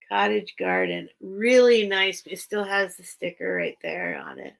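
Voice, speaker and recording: Gravelly slow-talking woman host. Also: medium pitch, animated, rough recording. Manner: rambling, chatty and enthusiastic. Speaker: online sale host. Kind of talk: casual live-stream chat. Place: at home among her collection.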